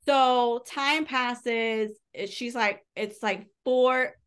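Woman, slightly high voice, loose rambling podcast book recap, lots of "like". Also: extremely slow, a bit bright, clear, resonant tone. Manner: chatty, rambling, heavy use of "like", casual swearing. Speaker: podcast co-host reviewing books.

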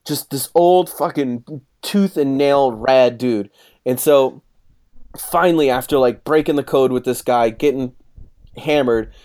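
Profane, animated male storyteller. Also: mid-range voice. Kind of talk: casual storytelling chat.

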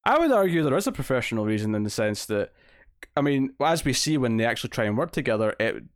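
A man's voice: mid-range voice, very animated, quick pace, no room sound, clean studio sound. Rambling man in casual podcast chat. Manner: rambling, lots of fillers and restarts. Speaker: podcast co-host.

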